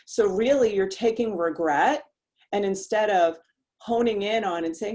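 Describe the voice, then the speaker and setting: A woman's voice: mid-range voice, unhurried, darkish tone. A woman host coaching women in a motivational talk, speaking emphatically and directly with casual slang.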